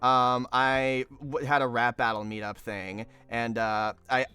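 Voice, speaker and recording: A man's voice: medium pitch, level tone, unhurried, pushed and bright, smooth. A man hosting a casual group chat, rambling with lots of fillers and frequent laughs. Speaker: podcast host.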